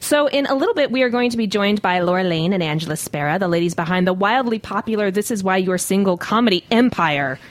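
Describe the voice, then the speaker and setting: A woman in her thirties hosting a live radio food show, chatting playfully with quick asides. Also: medium pitch, dry recording. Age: 30s. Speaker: podcast host. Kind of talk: casual radio chat. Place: radio studio.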